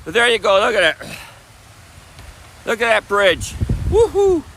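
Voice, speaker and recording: A man's voice: sits high, a little slow, creaky, bright, forceful tone, low-quality recording. A middle-aged man live streaming outdoors from a phone, chatting with viewers, repeating himself and answering chat. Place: outdoors on a beach by a busy bridge. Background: traffic and wind noise.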